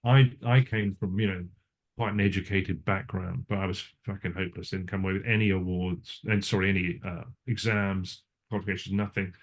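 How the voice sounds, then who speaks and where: Older guy, lowish voice, rambly interview chat, keeps restarting his sentences. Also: fairly even intonation, fairly quick. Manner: rambling, self-interrupting storyteller; frequent restarts and asides. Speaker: cinematographer. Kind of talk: casual interview.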